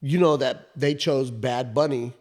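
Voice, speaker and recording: A man's voice: medium pitch, a little slow. A man co-hosting a podcast, telling a funny story in loose, profane casual chat and laughing as he goes. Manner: animated, profane storyteller who laughs at his own anecdote. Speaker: podcast co-host.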